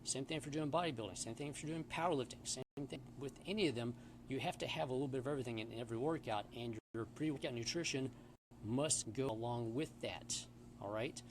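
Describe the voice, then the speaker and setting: A man's voice: medium pitch, fast talker, noisy background. A man who works as a personal trainer, giving casual, emphatic advice to the camera in a gym and often checking in with "okay?" and "all right?".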